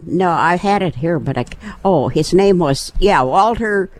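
A man's voice: high-pitched, expressive, unhurried. A man as a regular on a casual podcast, talking in an earnest, prim, mock-shocked way. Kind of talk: casual chat.

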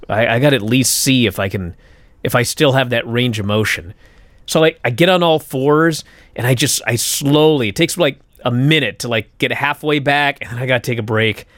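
A young adult man, co-host of a podcast, telling a story in casual chat, animated and swearing as he acts out his own thoughts. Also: mid-range voice, no echo, studio quality.

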